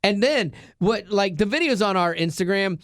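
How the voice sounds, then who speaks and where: High-voiced middle-aged male radio host. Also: moderate pace, no room sound, clean studio sound. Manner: animated storyteller, acts out voices. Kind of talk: casual chat.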